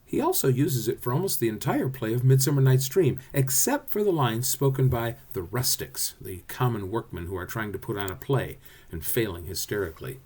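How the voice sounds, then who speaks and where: A man teaching a recorded drama lesson, explaining verse in an expressive way. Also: medium pitch, a little fast, few pauses, slightly rough.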